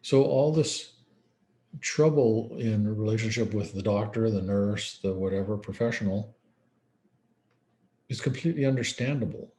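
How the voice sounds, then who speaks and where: With a warm, lowish voice, a man presenting as a psychiatrist at a conference lecture tells case stories conversationally and acts out the quoted dialogue. He keeps a moderate pace and pauses often.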